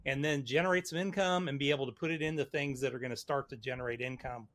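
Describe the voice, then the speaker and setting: A man hosting a podcast, chatting in a relaxed, affirming way. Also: mid-range voice, fast talker. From United States. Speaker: podcast host. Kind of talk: casual podcast chat.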